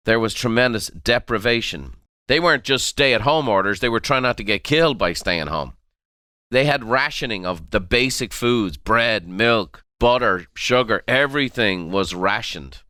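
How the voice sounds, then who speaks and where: A middle-aged man gives a motivational talk on his podcast, with a low, forceful and smooth voice. He presses on his main points and says them again and again. The sound is close and dry, with no room around it. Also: dry recording. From Ireland. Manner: emphatic, repeats key phrases, coaching tone. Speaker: podcast host and motivational speaker. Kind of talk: motivational monologue.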